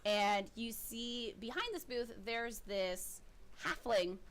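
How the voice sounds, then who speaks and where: A woman's voice: a little high, slow, a little hiss or hum. A woman narrating as game master of a tabletop game in a rambling, giggly way, full of fillers.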